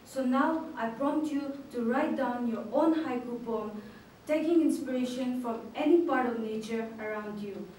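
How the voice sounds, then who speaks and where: Lady teacher doing a class video, kinda high voice, careful slow words, faint background hum. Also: darkish tone. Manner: slow, clear, syllable-stressing delivery. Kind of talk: online class lesson. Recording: echoey room from far off.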